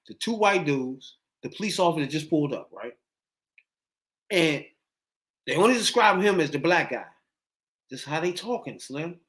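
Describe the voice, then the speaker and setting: Man, podcast host, casual slangy storytelling, fairly high voice, very lively pitch. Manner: animated, slangy retelling.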